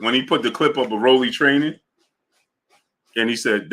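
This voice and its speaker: A young man hosting a casual sports talk stream, animated and slangy, often breaking into laughter and repeating himself. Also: mid-range voice, moderate pace, long pauses. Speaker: sports show host. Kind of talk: casual livestream chat.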